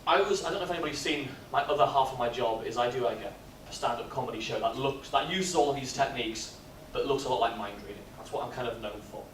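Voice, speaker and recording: A man, speaking at a business workshop and telling stories in a lively, jokey way. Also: mid-range voice, fast, slight background noise. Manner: lively storyteller, jokey and animated. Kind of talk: live workshop talk with comic storytelling. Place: expo hall. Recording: echoey hall, mic from far off.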